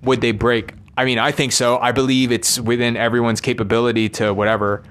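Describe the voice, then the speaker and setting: A man venting in a loose, rambling monologue. He sounds worn out and frustrated, stopping and restarting his thoughts and swearing freely. His voice sits at an ordinary middle pitch. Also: flat delivery, a bit bright, clean tone. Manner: weary, frustrated venting, halting and profane. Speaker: vlogger.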